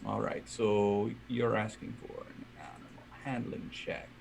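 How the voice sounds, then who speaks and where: Male tabletop player, low voice, hesitant, lots of fillers. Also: level tone, unhurried, vocal fry, darkish tone, a little hiss or hum. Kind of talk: playing a tabletop game in character.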